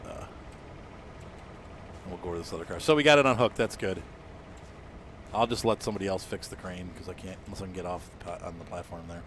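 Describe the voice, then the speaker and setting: A young American man with a fairly low voice talks loosely to his stream audience while he plays, wandering from one thought to the next with plenty of fillers and quick laughs. A faint hiss of noise runs under the recording. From United States. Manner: rambling, chatty, frequent fillers and laughs. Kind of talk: casual gameplay chat with viewers.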